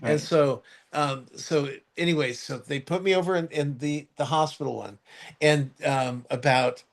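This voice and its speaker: Male podcast host, slightly higher voice, rambling casual storyteller who fills his talk with ums and restarts. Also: moderate pace, creaky. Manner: rambling, with many fillers and restarts; acts out others' voices in high shouts when quoting.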